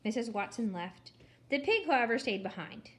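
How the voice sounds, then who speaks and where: A woman's voice: fairly high pitch, expressive, normal speed. Wry woman reading a children's storybook. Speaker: storybook reader. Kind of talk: storybook narration.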